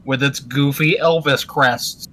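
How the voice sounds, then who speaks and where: A man's voice: mid-range voice, steady tone, a little slow, fairly bright tone. A man chatting casually on a podcast, rambling and searching for words with many fillers. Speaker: podcast co-host. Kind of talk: casual chat.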